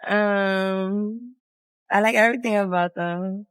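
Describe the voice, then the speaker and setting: A woman's voice: mid-range voice, fairly even intonation, takes it slowly, smooth, no room sound. A woman being interviewed who answers in a hesitant, playful way.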